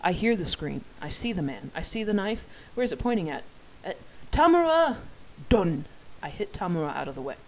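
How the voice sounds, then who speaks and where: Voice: medium pitch, animated, fast talker, hardly any pauses, poor audio. A narrator reading a novel aloud in the first person, with wry, self-deprecating asides.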